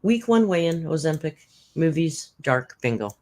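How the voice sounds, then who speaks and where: A woman's voice: low-pitched, big pitch swings, normal speed, darkish tone. A woman hosting a reaction commentary, sarcastic and blunt, swearing freely. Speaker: commentary channel host.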